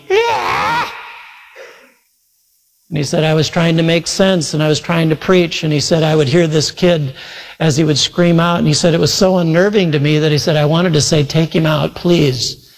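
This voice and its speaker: A male preacher earnestly retelling a story in a sermon, quoting voices as he goes. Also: a little high. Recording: long reverb from a large hall.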